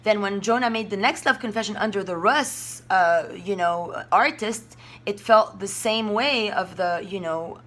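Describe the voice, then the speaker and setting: A woman's voice: fairly high pitch, sharp tone. A woman from Russia, talking in a rambling, emphatic and profane monologue. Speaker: spiritual vlogger.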